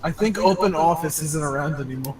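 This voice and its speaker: A man's voice: on the high side, a little fast, over a noisy crowd. A young man playing in a tabletop game over voice chat, chiming in offhandedly. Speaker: player. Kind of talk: casual chat. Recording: echoey, distant mic.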